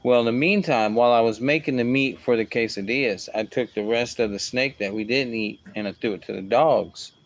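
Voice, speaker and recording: A man's voice: fairly quick, few pauses. A man telling a casual story, rambling along with asides and restarts. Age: adult with a young son. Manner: rambling, full of asides like "whatever" and "boom".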